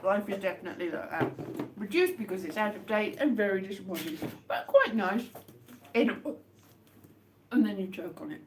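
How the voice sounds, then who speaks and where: A woman rambles through a casual live stream, making wry, deadpan jokes between bites. Her pitch swings about a lot. A faint hiss of background noise sits under her voice. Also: moderate pace. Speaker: livestream host. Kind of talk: casual live chat while eating chocolates.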